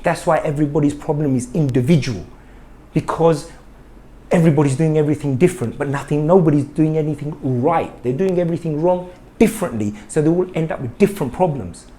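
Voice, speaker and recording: This middle-aged man talks a little fast in a darkish, higher-pitched voice. As a health vlogger giving an impassioned monologue to camera, he sounds indignant, throwing out rhetorical questions and saying things again to drive them home.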